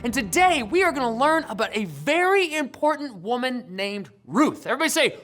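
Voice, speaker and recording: A woman hosting a children's church show, telling a Bible lesson in a playful, animated storytelling manner. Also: high voice, fairly quick, few pauses. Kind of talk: lively kids' Bible lesson.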